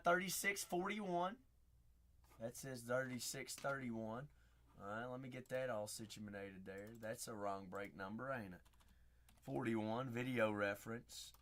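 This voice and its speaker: A man's voice: mid-range voice, unhurried, slight background noise. A man hosting a live card break stream, chatty and hyping up his viewers. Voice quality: raspy. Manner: chatty, hypes up viewers, shouts out names.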